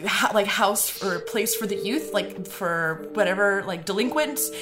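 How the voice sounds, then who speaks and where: A woman's voice: mid-range voice, animated, a little slow, music in the background. A young woman casually recapping a film plot, giggling, rambling and swearing freely as she goes. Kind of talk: casual chat.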